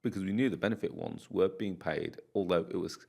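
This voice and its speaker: A man's voice: deep voice, fairly quick, gravelly. A man from the UK, a property landlord, telling stories in a casual podcast interview and acting out the dialogue. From United Kingdom. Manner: animated storyteller, acts out dialogue.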